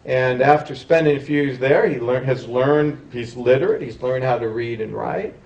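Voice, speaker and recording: A man's voice: mid-range voice, moderate pace, gravelly, darkish tone, lo-fi sound. A man, a history professor, giving a public lecture, talking in a discursive way with frequent restarts and self-corrections. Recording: roomy hall, mic at a distance.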